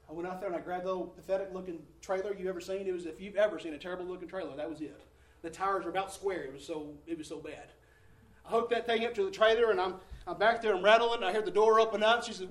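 A man giving a preached testimony in church, fervent, swinging from hushed to shouting. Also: high voice, fast. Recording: echoey room, mic at a distance.

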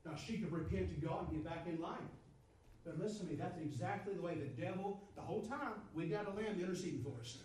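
A man's voice: high-pitched, fast talker, darkish tone, echoey room, recorded from a distance, a little hiss or hum, rough recording. A man preaching a sermon, emphatic and repetitive, his voice swelling and dropping. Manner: repetitive, emphatic, rises and drops in volume.

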